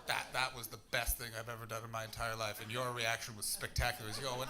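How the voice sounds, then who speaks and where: A Canadian man in his thirties doing stand-up crowd work on a comedy club stage, loud and sweary, bursting into shouts. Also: mid-range voice, little pitch movement, fast talker. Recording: audible crowd noise.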